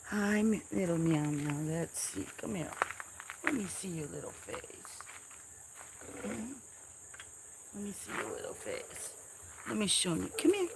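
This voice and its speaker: A woman hosting a casual farm livestream, softly chatting and cooing baby talk to cats, sometimes dropping to a whisper, on a camera mic. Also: lowish voice, sing-song, measured pace, pauses often, background noise. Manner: soft-spoken, drifts into whispers.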